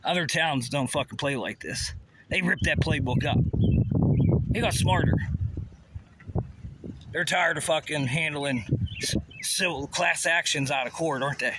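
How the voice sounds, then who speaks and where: A man's voice: fairly high pitch, unhurried, long pauses, very noisy. A man delivering a rambling, profane, conspiratorial monologue, often asking rhetorical questions. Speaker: vlogger.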